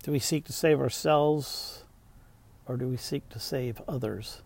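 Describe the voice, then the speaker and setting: A pastor preaching a sermon, rising to emphatic points and dropping to soft, slowed asides. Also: male voice, medium pitch, vocal fry.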